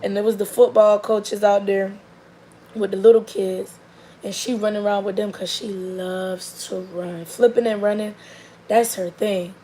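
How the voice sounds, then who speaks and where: A woman's voice: medium pitch, little pitch movement, a little slow, mellow, poor audio. A young adult woman, chatting casually and animatedly about her child, with lots of fillers. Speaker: mother. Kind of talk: casual storytelling chat. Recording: faint background noise.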